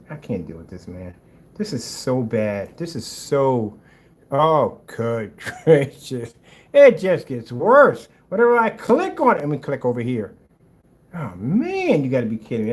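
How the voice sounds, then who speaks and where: Man, sarcastic reaction commentary, exasperated, mid pitch, lively pitch swings. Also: slight background noise. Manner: mocking, exasperated, drifts between loud outbursts and low mutters. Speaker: projector screen paint maker reviewing a rival's video.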